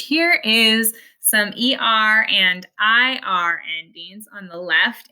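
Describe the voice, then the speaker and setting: A woman walks through a recorded lesson patiently, step by step. Her voice is very bright and clear, sitting at a middle pitch. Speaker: Spanish teacher. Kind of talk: explaining slides in a recorded lesson.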